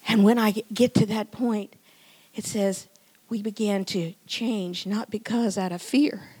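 A woman in her sixties preaching a sermon in church, moving from loud emphatic lines to hushed, whispered ones. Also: mid-range voice, fairly even intonation, measured pace, husky. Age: 60s.

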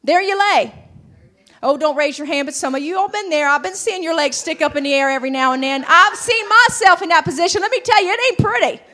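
A woman preaching a sermon. Her voice sits very high, and she swells from conversational asides into fervent, shouted declarations punctuated by hallelujahs. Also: brisk. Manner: rising to shouted fervor, calls of hallelujah.

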